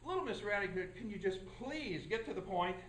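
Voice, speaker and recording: A man's voice: high voice, lively intonation, fairly bright tone, a little hiss or hum, pitched below the performer's own voice. A man playing a stern, pompous judge. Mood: impatient. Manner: slow, measured, officious. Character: stern, pompous male judge questioning witnesses. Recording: echoey room.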